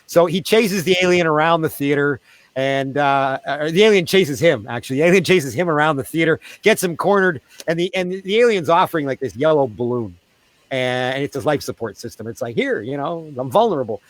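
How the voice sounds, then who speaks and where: A man, a street theatre performer, telling animated stories in a casual interview over a video call. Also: a little fast. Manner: animated, acts out quoted voices in a high pitch.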